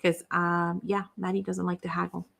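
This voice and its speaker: A woman's voice: on the low side, flat delivery, moderate pace, vocal fry, a bit bright. Chatty middle-aged woman telling a story. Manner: chatty storyteller acting out quoted dialogue; self-deprecating, folksy fillers. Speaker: craft channel host. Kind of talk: casual livestream chat.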